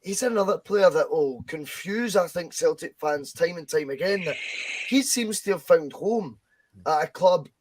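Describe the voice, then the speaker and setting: A Scottish man chatting on a football podcast, animated and full of anecdotes. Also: a little high, moderate pace, no echo. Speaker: podcast co-host. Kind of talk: casual chat.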